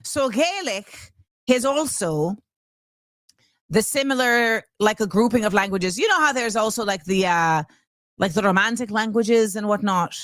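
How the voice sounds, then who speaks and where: A woman hosting a casual commentary show, animated and chatty with lots of fillers. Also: medium pitch, a little slow, no room sound, clean studio sound. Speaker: show host.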